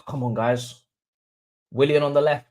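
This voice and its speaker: A young man hosting a live football watch-along, swinging between low murmurs and excited chanting. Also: takes it slowly. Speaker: livestream host.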